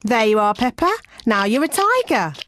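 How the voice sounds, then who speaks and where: Busy rabbit face painter, bright and chatty, higher voice. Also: female voice, sing-song, moderate pace, slight background noise. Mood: cheerful.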